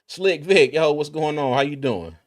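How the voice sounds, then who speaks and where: A man's voice: fairly high pitch, expressive, moderate pace. A man hosting a casual sports live stream, laid-back and chatty, with many fillers and restarts. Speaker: sports podcast host.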